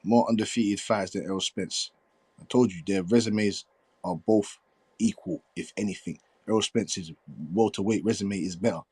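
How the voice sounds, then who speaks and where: A man in a heated, profane boxing debate, combative and quick to laugh it off as banter. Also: fairly low pitch, darkish tone, slightly rough, dry recording.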